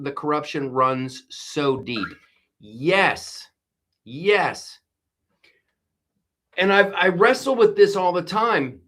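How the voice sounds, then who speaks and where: Slow, rambling male show host. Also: on the high side, pushed and bright. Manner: rambling, emphatic, reads viewer comments aloud. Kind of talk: casual political commentary.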